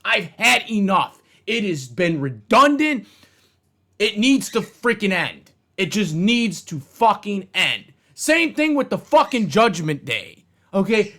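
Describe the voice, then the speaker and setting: A man's voice: high voice, very animated, takes it slowly, a bit bright. A man ranting angrily about wrestling storylines, heated and profane, repeating himself for emphasis. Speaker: wrestling commentator ranting on his channel. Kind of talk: angry rant.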